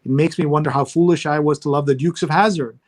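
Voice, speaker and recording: A man's voice: on the high side, fairly even intonation, quick pace, darkish tone. A man hosting a live online readalong, chatting casually and skimming headlines aloud over a video call. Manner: conversational, skims headlines aloud with fillers. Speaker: host.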